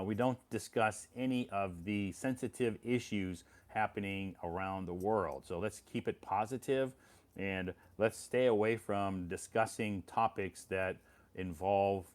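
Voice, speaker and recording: Relaxed American man, lowish voice. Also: slow. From United States. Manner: relaxed and encouraging, repeats phrases, reads out viewer comments. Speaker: English teacher hosting a live stream. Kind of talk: casual live-stream chat.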